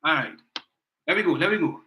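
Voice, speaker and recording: Guy putting on a shaky old lady voice, high and wheezy, step by step. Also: lively intonation, a little fast, sharp tone. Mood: breathless. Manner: breathless, fussy, step-by-step mocking. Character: frail older woman politician needing help walking.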